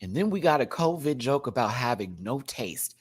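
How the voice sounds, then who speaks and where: A man reviewing a drag competition show in a casual, campy rant, laughing often and swinging between loud outbursts and quiet asides. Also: big pitch swings, moderate pace, breathy edge. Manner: big jumps in pitch and loudness. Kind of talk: casual commentary.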